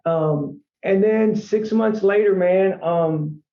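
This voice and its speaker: A man tells his story as a podcast guest in an earnest, rambling way, his voice sitting fairly high. He sounds as if he is in a roomy, echoing space. The recording is dull and lo-fi. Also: takes it slowly, hardly any pauses. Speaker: franchise company CEO, podcast guest. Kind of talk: casual storytelling interview. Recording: echoey room, dull lo-fi sound.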